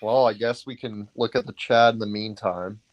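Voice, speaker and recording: Low-voiced man, hesitant chat. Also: fairly even intonation, moderate pace, dry recording, highs cut off. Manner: hesitant, many fillers, low-key. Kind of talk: casual chat on a livestream call.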